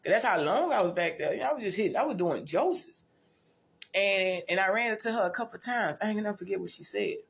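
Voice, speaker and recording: A woman's voice: medium pitch, lively intonation, fast, gravelly. A woman tells her life story in a blunt, profane, rambling way, often restarting and repeating herself. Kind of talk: casual storytelling monologue.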